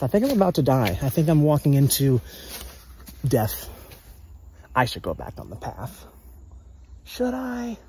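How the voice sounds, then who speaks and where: A young man from the United States chatting excitably to his viewers while walking a rainforest trail at dusk, filmed on a handheld phone. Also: a little high, a little hiss or hum. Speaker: vlogger. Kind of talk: casual vlog walk-and-talk.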